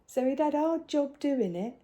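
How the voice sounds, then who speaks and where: An older woman, chatting casually at home as a crafting vlogger, rambling, with soft hushed asides. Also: sits high, animated, normal speed. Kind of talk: casual chat showing crafts.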